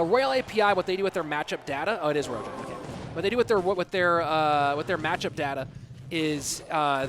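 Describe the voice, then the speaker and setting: An American esports caster and streamer calls a competitive game on his live stream, chatty and joking as he answers his chat between plays. His voice is a little high, and background noise can be heard.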